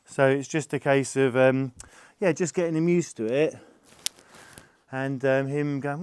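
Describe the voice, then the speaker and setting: Calm, patient man explaining animal care. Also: mid-range voice, unhurried, clear, resonant tone. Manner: calm, gentle, patient, soothing the animal softly. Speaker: farm animal carer. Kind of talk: explaining while handling a horse.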